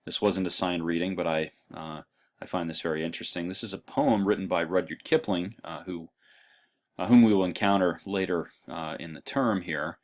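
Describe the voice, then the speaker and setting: A man lecturing to a history class in a very low voice. He loses his thread often, filling gaps with um and uh, and his throat sounds dry. The delivery is relaxed and conversational. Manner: halting, lots of ums and uhs.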